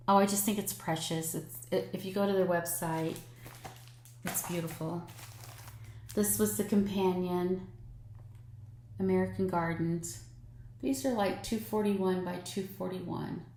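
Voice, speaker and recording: A woman in her sixties chatting warmly through her cross-stitch projects, gushing over patterns with plenty of ums. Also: on the low side. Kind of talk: casual show-and-tell chat. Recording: echoey room with faint noise.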